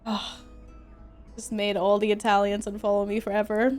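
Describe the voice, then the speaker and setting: A woman's voice: mid-range voice, steady tone, normal speed, faint music behind. A young woman from Sweden streaming a video game at home, chatting and giggling with her viewers as she plays. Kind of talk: casual gameplay streaming.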